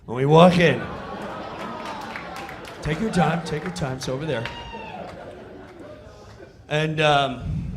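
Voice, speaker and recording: A man telling a stand-up story in an animated, excitable way. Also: on the high side, extremely slow, pauses often, a crowd in the background. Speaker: comedian.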